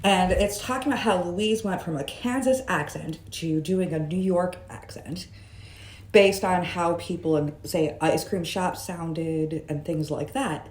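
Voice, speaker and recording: Woman vlogger, low-ish voice, unhurried, chatty and musing with jokey asides, recorded in a roomy, echoey space. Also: a little mellow. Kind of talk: casual vlog monologue. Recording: roomy echo.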